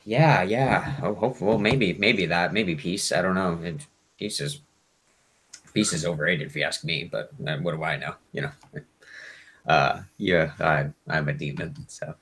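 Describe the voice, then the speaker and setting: A man's voice: deep voice, measured pace, a bit bright, breathy edge, full character voice. A man voicing a sly male demon who coaxes and bargains with its host. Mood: wheedling. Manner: wheedling, coaxing, sarcastic.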